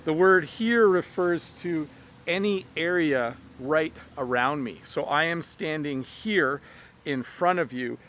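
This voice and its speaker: Slightly high-voiced man teaching English. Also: fairly bright tone, slight background noise. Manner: slow, clear teacher talk with simple examples. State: a little out of breath. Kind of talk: outdoor English lesson. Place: outdoors in the rain. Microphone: camera on a stand.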